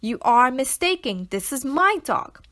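A woman's voice: sits high, very animated, unhurried, fairly bright tone, full character voice. A woman reading aloud while voicing a pompous, haughty male villain doctor in a storybook, a little above her plain reading voice. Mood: smug, indignant.

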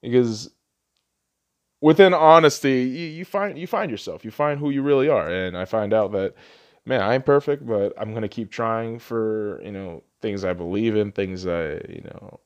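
A man's voice: on the low side, moderate pace, darkish tone, smooth. A young man hosting a solo podcast, ranting profanely and arguing back at himself. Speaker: podcast host.

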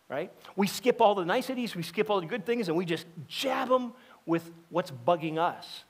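A middle-aged man preaching in a loose, conversational way, slipping into quick voices for the people in his stories. His voice sits a little above the usual male pitch. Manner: conversational and animated, acting out quoted voices. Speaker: pastor. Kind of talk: sermon. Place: church sanctuary.

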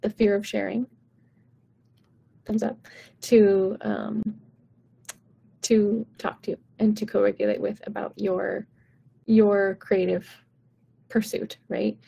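A woman vocal coach talking to her viewers on a live stream, chatty and encouraging, with "like" and "right?" all through her talk. Her voice is husky and mellow, with some vocal fry at the ends of phrases. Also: medium pitch.

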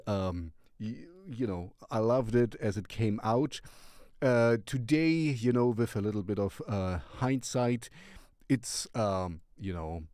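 Guy hosting a music show, lowish voice, talks loose and rambly with lots of um and you know, dry close sound. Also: warm tone, dry recording. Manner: rambling, hesitant, many fillers. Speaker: radio-style music show host. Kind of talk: casual song review commentary.

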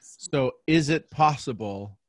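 Male host, calm and easygoing, mid-pitch, dry close sound. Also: slow, no room sound. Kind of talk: casual live show talk.

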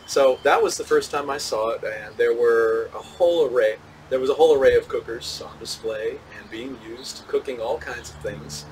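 A man, a physicist, answering interview questions in a measured, thoughtful way, with small laughs and restarts. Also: mid-range voice, recorded from a distance, slight background noise, poor audio. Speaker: physicist and solar cooker tester, interview guest.

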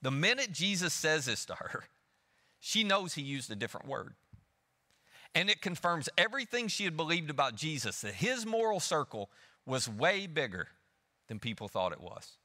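A man's voice: a little high, sing-song, normal speed, bright, forceful tone. A male pastor preaching a sermon in a church auditorium, talking in a conversational way and putting questions to the audience. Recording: long reverb of a church hall.

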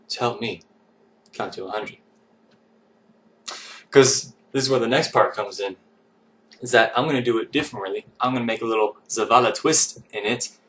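A man with a medium-pitched voice talks to camera in a goofy, rambling, self-mocking way. He sounds a little far from the mic, with a faint hiss of noise behind him. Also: fairly bright tone. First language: English. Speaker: vlogger. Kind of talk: casual vlog to camera.

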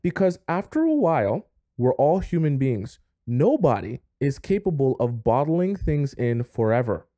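A man's voice: medium pitch, sing-song, measured pace, hardly any pauses, dark tone, no room sound, clean studio sound. A man delivering dating advice straight to camera in an emphatic, lecturing rant full of repetition.

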